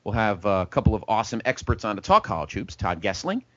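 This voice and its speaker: A man hosts a sports talk show, chatting casually and rambling from topic to topic. His voice sits low but swings a lot in pitch. The recording is dry and a bit dull, lo-fi. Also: fast talker, dry recording. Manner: rambling, lively, joking. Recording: dull, lo-fi podcast audio.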